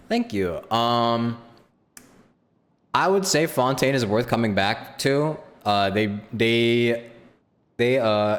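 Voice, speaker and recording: A young man streaming a video game, chatting casually and answering his viewers in a relaxed, rambling way. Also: lowish voice, in a large hall. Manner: relaxed, rambling, lots of fillers. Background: game music.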